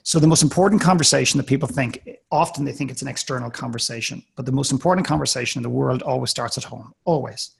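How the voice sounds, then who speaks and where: A man's voice: mid-range voice, fast talker, creaky, hardly any pauses, husky. A man in a live coaching call, talking earnestly and directly, often restarting his words. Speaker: life coach.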